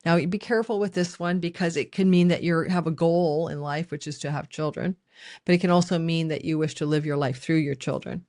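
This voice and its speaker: A woman's voice: deep voice, steady tone, a little fast, a little mellow, dry recording, studio quality. A middle-aged woman giving a spoken astrology lesson, talking straight to her viewers with casual asides. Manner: conversational, addresses viewers directly with asides. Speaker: astrology teacher.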